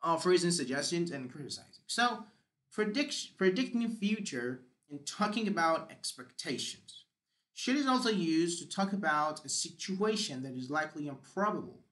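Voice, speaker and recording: A man's voice: on the high side, fairly bright tone. A man teaching English grammar, explaining step by step with examples and the odd "uh".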